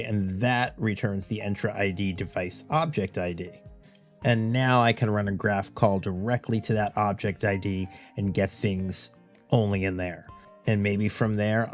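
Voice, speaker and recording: A man's voice: lowish voice, unhurried, soft background music. A man hosting a tech tutorial in a loose, rambling way, full of "you know"s and "uh"s. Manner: rambling, filler-heavy, with many "you know"s and "uh"s. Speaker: tech YouTube host. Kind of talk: casual tutorial talk.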